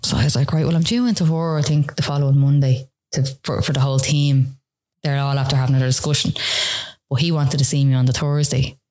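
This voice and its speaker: A woman's voice: very deep voice, fairly even intonation, quick pace, warm tone. An Irish woman, a podcast guest, telling a personal story in casual conversation, full of "like" and retold dialogue. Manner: rambling, frequent "like" fillers, retells dialogue.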